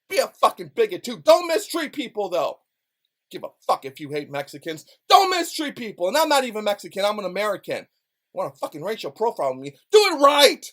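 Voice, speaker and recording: Man ranting loudly with lively pitch. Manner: loud, profane, heated, repetitive. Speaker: rapper and vlogger. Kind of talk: angry profane rant.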